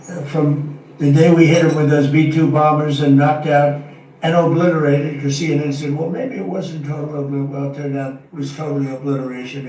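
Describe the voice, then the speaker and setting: A man's voice: fairly high pitch, warm tone, distant mic, slight background noise. Older man, rambling, in an echoey room. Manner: rambling, repetitive, emphatic. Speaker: president answering press questions. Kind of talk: press conference remarks. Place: large formal meeting room.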